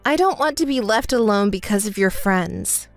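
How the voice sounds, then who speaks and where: A woman's voice: medium pitch, lively intonation, normal speed, no echo, faint music behind, natural voice. A woman voicing a hurt, indignant young bride in a text story, scolding and sarcastic. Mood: cold.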